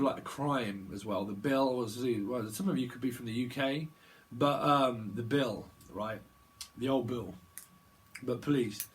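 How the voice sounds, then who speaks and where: A man giving a rambling psychic tarot reading, chatty and digressive, laughing often. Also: mid-range voice. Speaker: tarot reader.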